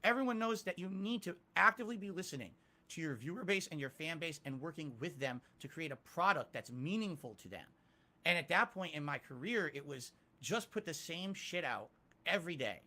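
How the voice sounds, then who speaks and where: A man with a bright, forceful voice that sits a little high for his sex. He answers interview questions with candid self-criticism and climbs to loud, emphatic peaks. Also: animated, a little fast. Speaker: interviewee, YouTuber.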